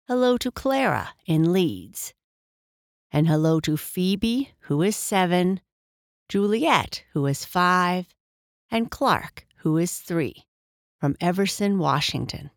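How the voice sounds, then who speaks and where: Slow, gentle woman reading bedtime stories. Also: lowish voice, dry recording, studio quality. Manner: slow, gentle and soft-spoken. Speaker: bedtime story narrator. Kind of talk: soothing bedtime story narration.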